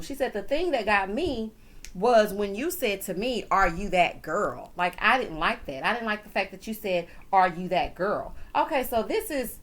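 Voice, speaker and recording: A woman recapping a reality show in a sassy, animated chat, calling people honey and child. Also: mid-range voice. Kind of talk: casual recap commentary.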